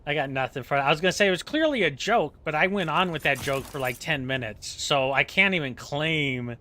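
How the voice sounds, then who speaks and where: Bright-voiced joking male streamer. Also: on the high side, fairly quick. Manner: joking, rambling, self-mocking. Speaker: game streamer. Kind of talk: casual chat while playing.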